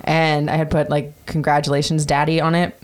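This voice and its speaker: A woman's voice: sits low, flat delivery, a little fast, a little mellow. A woman in her thirties casually telling a personal story on a podcast, chatty and profane with many fillers. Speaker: podcast host.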